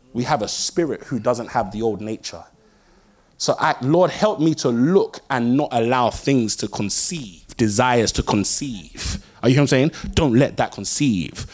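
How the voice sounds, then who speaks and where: Young guy preaching, animated storytelling, loud then hushed. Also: fairly high pitch, husky. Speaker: pastor. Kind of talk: sermon.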